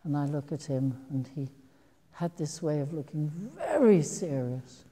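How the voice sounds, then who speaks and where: An older woman with a low, very mellow voice tells career anecdotes to an audience. She takes her time, pausing on ums and breaking into soft laughs. Her voice carries a long reverb from a large hall. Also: expressive. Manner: slow and reflective, with frequent ums and soft laughs. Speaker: actress giving a talk.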